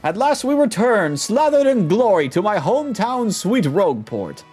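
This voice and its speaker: A man's voice: sits high, very animated, moderate pace, darkish tone, faint music behind, voice pushed up. Man playing a raised, showy, self-important adventurer for a game dub. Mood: pompous. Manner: theatrical, self-praising. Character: pompous vain male adventurer. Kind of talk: fan voice acting of a game.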